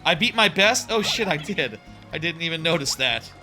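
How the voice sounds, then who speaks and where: A man's voice: fairly high pitch, expressive, moderate pace. A young man hosting a casual let's play, rambling and chatty and swearing freely. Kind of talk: casual gaming commentary. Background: faint game music.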